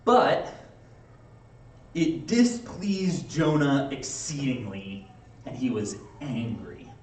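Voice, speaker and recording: A man's voice: medium pitch, expressive, slow, a little mellow, a little hiss or hum. Casual man preaching in an echoey church. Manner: casual, conversational preaching with playful acted-out asides. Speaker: pastor. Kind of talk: sermon. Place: church sanctuary. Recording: echoey room, mic from a distance.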